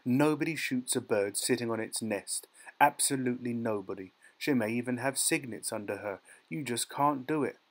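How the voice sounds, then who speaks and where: A man's voice: mid-range voice, moderate pace, close to an everyday voice. A man voicing a small, bullied teenage boy who speaks up earnestly and defiantly, in an audiobook reading. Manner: earnest, pleading then defiant.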